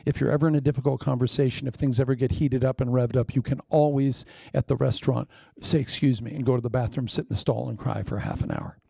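A man preaching a sermon, telling a story with lively asides, acted-out lines and sound effects. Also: medium pitch, quick pace, creaky, few pauses, breathy edge, no room sound.

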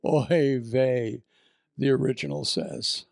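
An older man from Iowa preaching a sermon, telling the story with lively acted-out voices and asides. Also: high voice, a little slow, gravelly, dry recording, clean studio sound. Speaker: pastor.

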